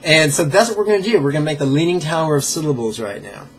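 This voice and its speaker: A man leading a pronunciation drill as a meditation teacher, playful and joking, sounding out syllables slowly and carefully. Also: fairly high pitch, expressive. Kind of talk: pronunciation drill in a live lesson.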